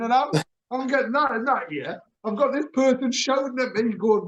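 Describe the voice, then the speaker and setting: A middle-aged man tells stories in a casual chat, his voice sitting high for a man. He is animated and keeps chuckling at himself. The recording sounds dull and lo-fi. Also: moderate pace. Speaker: radio show host.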